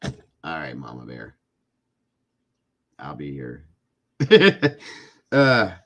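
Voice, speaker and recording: A man's voice: a bass voice, very animated, slow, pauses often, a bit bright. A middle-aged man hosting a casual live stream, chatting with viewers and often breaking into laughing fits. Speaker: livestream host chatting with viewers.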